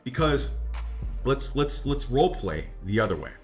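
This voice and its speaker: A man's voice: medium pitch, sing-song, normal speed, faint music behind. A man talking as a dating coach in a casual monologue, brash and profane, often laughing at his own jokes and tossing in "right?". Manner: repeats "right?" and "like" constantly.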